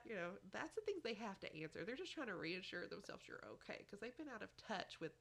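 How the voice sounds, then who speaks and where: A woman's voice: medium pitch, lively intonation, fast, vocal fry, few pauses, fairly bright tone. A woman giving motherly advice in a chatty podcast conversation, often saying "you know". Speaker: podcast guest. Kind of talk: casual advice chat.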